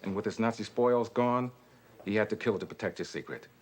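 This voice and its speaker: An actor playing an exasperated, sarcastic male police captain who shouts. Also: on the low side, a little fast, close to an everyday voice.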